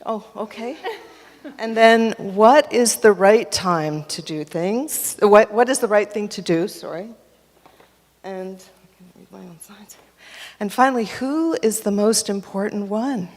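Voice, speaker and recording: A woman tells a children's story during a church service, animated and chatty as she directs children holding up props. Her voice sits at a middle pitch and rings in a large hall with a long echo. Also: unhurried. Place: church sanctuary.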